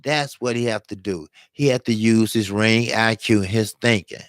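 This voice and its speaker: A man's voice: on the low side, normal speed, no echo. A man hosting a casual boxing talk show, talking loosely to his live chat, rambling and jumping between topics, and breaking down fight tactics like a coach.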